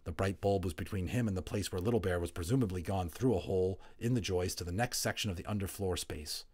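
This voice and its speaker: A man narrating a children's novel aloud, expressive and building tension, dropping to hushed tones in quiet moments. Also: low voice, quick pace, slightly rough. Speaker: audiobook narrator. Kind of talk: storybook read-aloud narration.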